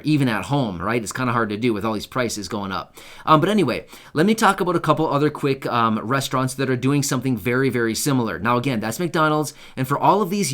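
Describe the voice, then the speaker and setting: A man's voice: medium pitch, fairly bright tone. Chatty man hosting a news channel. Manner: chatty and informal, many fillers and asides, checks in with "right?". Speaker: YouTube host covering benefits news. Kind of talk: casual talk to camera.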